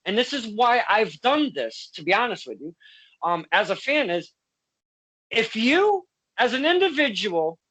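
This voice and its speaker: A woman hosting a casual interview. Her voice is bright and forceful, and she talks bluntly, swearing freely and circling back on her words. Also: fairly high pitch, breathy edge, low-quality recording. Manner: blunt, swears, passionate, many restarts. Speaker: interview host.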